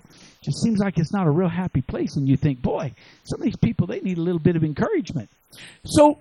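A man preaching, his voice a little higher than most men's, lurching from shouted lines down to muttered asides. He often restarts his words and chuckles. The sound is close and dry, with no room around it. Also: no echo, rough recording. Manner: animated, swinging from shouts to low asides. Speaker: pastor. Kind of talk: sermon.

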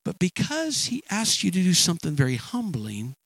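A man preaching a sermon in a halting, emphatic way, often repeating words. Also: mid-range voice, lively intonation, gravelly, a bit bright, no echo, rough recording.

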